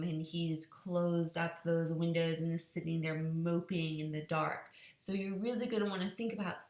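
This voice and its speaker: A woman's voice: on the low side, creaky, reverberant. A woman teacher patiently explaining a group assignment step by step. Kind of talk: classroom instructions.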